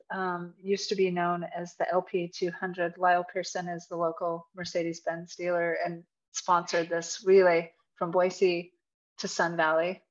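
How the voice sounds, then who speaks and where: A modest woman guest talks plainly on a casual podcast. Her voice is somewhat low and very level in pitch. The recording sounds a bit dull and lo-fi. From Idaho, USA.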